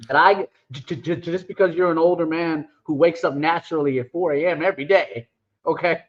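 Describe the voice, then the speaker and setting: A man's voice: on the high side, normal speed. A man telling rambling, joking stories in a casual podcast chat, with many restarts. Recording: dull lo-fi sound.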